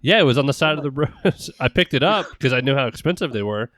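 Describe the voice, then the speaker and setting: A man's voice: medium pitch, animated, fast, crowd noise. A man in his thirties co-hosting a podcast, laid-back with short replies. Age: 30s. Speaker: co-host. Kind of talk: casual podcast chat.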